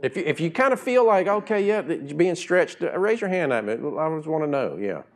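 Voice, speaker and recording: A very animated middle-aged pastor delivers a casual, conversational sermon. He moves from soft, slow asides to loud, high, emphatic bursts.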